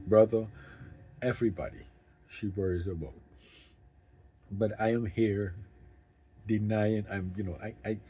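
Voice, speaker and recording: A middle-aged man speaking candidly about caring for his mother, emotional and halting, often restarting his sentences. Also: lowish voice, warm tone, a little hiss or hum. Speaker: family caregiver. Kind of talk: candid personal talk to camera.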